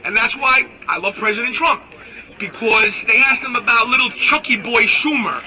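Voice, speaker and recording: A man's voice: very high-pitched, moderate pace, rough recording. A man delivering a brash, insulting political rant. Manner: brash, loud, insulting, animated ranting. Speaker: political commentator in a clip. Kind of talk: ranting political monologue.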